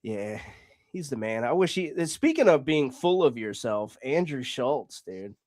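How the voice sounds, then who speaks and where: A man's voice: medium pitch, very animated, unhurried, darkish tone, no room sound. A man hosting a casual comedy podcast, laid-back, laughing often and swearing freely. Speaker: podcast host.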